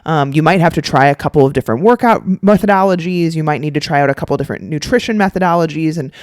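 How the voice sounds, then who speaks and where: A woman's voice: low-pitched, racing, a little mellow, no room sound. A woman co-hosting a casual podcast, talking in a loose, rambling way full of fillers and restarts. The sound is dry and close, with no room in it. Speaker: podcast co-host.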